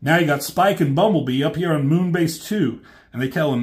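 A man casually retelling a comic's story as a reviewer, chatty and animated. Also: on the high side, brisk. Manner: animated, chatty, many fillers.

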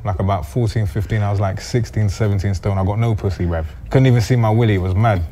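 Slangy man, low and mellow. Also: steady tone, fast talker, a little hiss or hum. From Caribbean. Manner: slangy, brash storytelling. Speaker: guest. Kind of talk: casual interview chat.

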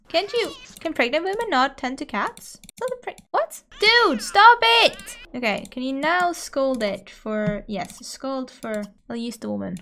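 A young adult woman giving let's play commentary, excitable and quick to gasp and squeal at what happens in the game. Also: high-pitched, slight background noise. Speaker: gaming YouTuber.

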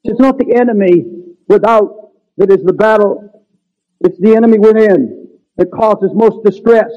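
A man's voice: high-pitched, normal speed. A man preaching a sermon in an earnest, pleading manner that builds to raised, urgent emphasis. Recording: dull lo-fi sermon recording.

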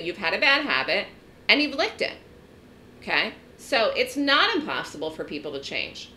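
Brief: bright, lively woman trading educator, direct and emphatic, faint hiss behind. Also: mid-range voice. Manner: emphatic, direct, frequent "okay?" check-ins. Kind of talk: trading lesson. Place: trading room webinar.

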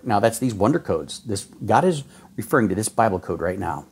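A man preaching a fervent sermon, folksy and exhorting, with sudden jumps in pitch as he reads scripture. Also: sing-song, fairly quick, vocal fry, slightly rough. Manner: folksy, says y'all and man.

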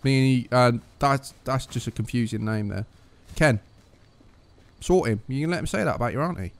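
A man's voice: mid-range voice, normal speed. A young man, chatting cheekily and swearing while playing an online game. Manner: cheeky, joking, swears freely. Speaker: gaming video host. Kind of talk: casual game commentary over voice chat.

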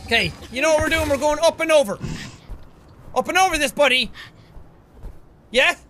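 A man in his twenties giving excitable let's play commentary, talking to an in-game creature like a pet and swearing now and then. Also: extremely high pitch, moderate pace, noisy background. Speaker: gaming video host.

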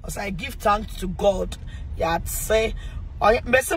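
Brief: high-pitched Ghanaian woman pastor, excitable, chatting to viewers on a phone stream. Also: moderate pace, husky, poor audio. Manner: excitable, exclaiming, breaks into bits of song. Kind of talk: casual live-stream talk reading viewer comments.

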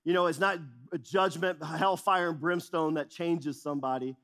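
A man's voice: on the high side, fairly even intonation, normal speed, fairly bright tone. A middle-aged man preaching a sermon as pastor, speaking with emphatic repetition and shifting intensity.

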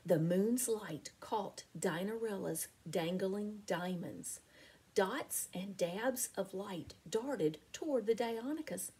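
A woman reading a picture book aloud as a teacher, with expressive, deliberate storytelling. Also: medium pitch, slightly rough. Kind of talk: storybook read-aloud narration.

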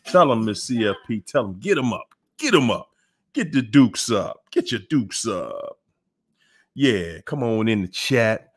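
Slow, lively-pitched man hosting a livestream. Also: breathy edge. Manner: hypes up viewers, drawn-out shout-outs. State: sweaty after a workout. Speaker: livestream host. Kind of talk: live stream greeting the chat.

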